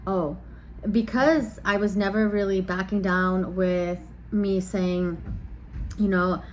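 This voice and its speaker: A woman's voice: medium pitch, steady tone, takes it slowly, a little hiss or hum. A woman in her thirties telling a dating story in casual vlog chat, frank and blunt, often losing her train of thought and circling back. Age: 30s. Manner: blunt and exasperated. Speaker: vlogger.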